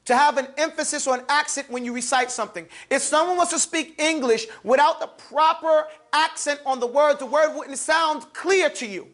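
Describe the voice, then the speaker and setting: This Arabic reading teacher has a high, fairly bright voice and talks at a moderate pace with hardly any pauses. Teaching a live class of students, she teases them, emphasizes every letter sound, and calls out letters for them to repeat.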